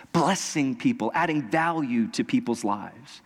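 A male pastor preaching a sermon. He shifts between casual storytelling, bursts of loud excited emphasis, and slow, repeated exhortations. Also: mid-range voice. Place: church sanctuary. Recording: long reverb from a church hall.

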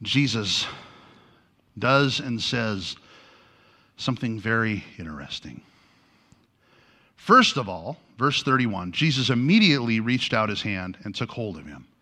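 A pastor preaching a sermon, telling a story with lively energy and acting out the lines he quotes. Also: fairly low pitch, unhurried, long pauses.

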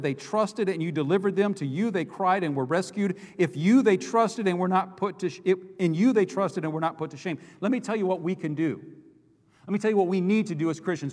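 A male pastor preaching an impassioned sermon, repeating and restarting phrases as he builds his points. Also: high voice. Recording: long hall reverb.

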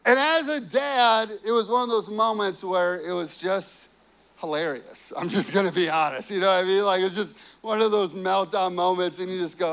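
Casting note: thirtysomething male pastor, high-pitched, loose chatty storyteller. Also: moderate pace, a bit bright, clear, resonant tone. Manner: chatty, full of "like" and "you know". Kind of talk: sermon story.

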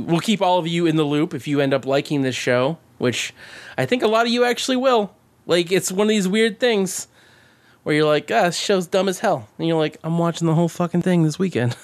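A man co-hosting a podcast in casual chat, excitable and profane, often breaking into laughter. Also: on the high side. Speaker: podcast co-host.

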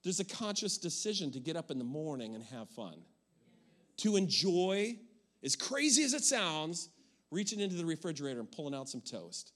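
A middle-aged male pastor who preaches in an energetic, conversational way and often repeats and restarts his words. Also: on the high side, moderate pace. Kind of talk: sermon.

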